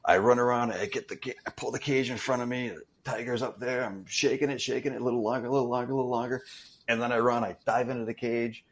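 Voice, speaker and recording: Man, mid-pitched, casual anecdote teller who stumbles and restarts. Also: quick pace. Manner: animated anecdote-telling with repeated restarts. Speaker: interview guest, stuntman. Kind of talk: casual storytelling.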